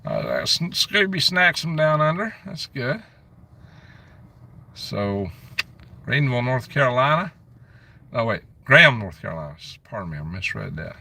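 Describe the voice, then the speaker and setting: A man's voice: medium pitch, wildly swooping pitch, unhurried, creaky, long pauses, bright, forceful tone, far from the mic. A man hosting a casual live stream on his phone, chatting and grumbling as he reads out where viewers are from. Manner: reads out viewer comments and locations.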